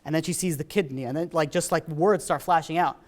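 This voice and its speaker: Animated storytelling rabbi, a man. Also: on the high side, fast. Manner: animated, acts out dialogue, many fillers. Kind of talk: storytelling sermon.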